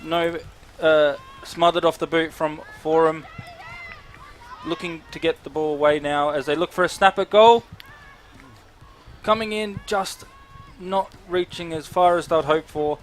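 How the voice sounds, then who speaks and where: A man calling play-by-play at a local football game in a steady way. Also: a little high, unhurried, a little hiss or hum. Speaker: football commentator. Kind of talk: play-by-play commentary.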